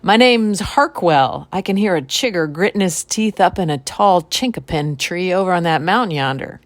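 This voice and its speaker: A woman voicing a country man who brags slowly about his uncanny hearing. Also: on the low side, lively intonation, no echo, lightly acted. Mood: proud.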